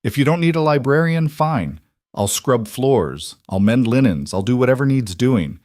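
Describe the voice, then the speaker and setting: A man's voice: medium pitch, expressive, normal speed, no room sound, studio quality, voice pushed up, natural voice. A man voicing a bold, desperate young woman who answers back sharply. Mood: pleading, firm. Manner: sharp, defiant retorts.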